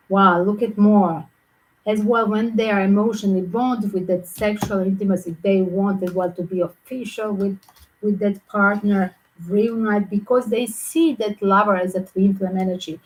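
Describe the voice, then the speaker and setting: A woman's voice: mid-range voice, steady tone, normal speed, a little hiss or hum, poor audio. A woman giving a tarot reading as the channel host, talking in loose, rambling phrases. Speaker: tarot reader.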